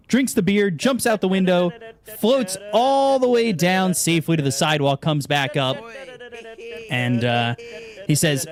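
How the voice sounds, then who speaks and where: A man's voice: sits high, a little slow. A man casting an esports broadcast, chatting casually and telling long jokes between matches. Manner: joke-telling, animated. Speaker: esports caster. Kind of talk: casual on-air banter.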